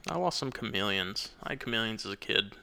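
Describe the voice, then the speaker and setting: Young man, gravelly voice, bright edge, rambling casual podcast chat, restarts often. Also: on the low side, animated, fast. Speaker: podcast co-host.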